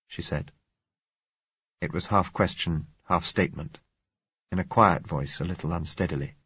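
A man narrating a story in the first person, in a measured, reflective way. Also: low voice, a bit bright, husky, no room sound. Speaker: audiobook narrator. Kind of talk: scripted narration. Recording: dull lo-fi recording.

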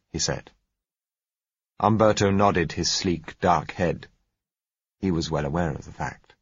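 A man narrating an audiobook in a measured, even manner. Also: a bass voice, slightly rough, no echo, muffled recording. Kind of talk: scripted narration.

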